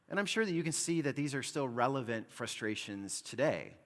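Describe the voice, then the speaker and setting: A man's voice: medium pitch, expressive, a little fast, a bit bright. A man preaching a sermon as pastor, explaining in a conversational way and often saying "like". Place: church hall. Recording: long reverb of a church hall.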